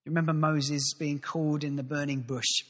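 A male pastor giving a sermon, telling the story with lively acted-out voices. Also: a little high, normal speed, big-room sound. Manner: animated storytelling, acts out voices.

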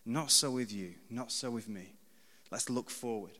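A man's voice: mid-range voice, normal speed, pushed and bright, long reverb tail. A man in his thirties preaching a sermon in a conversational, self-deprecating way, repeating key phrases for emphasis.

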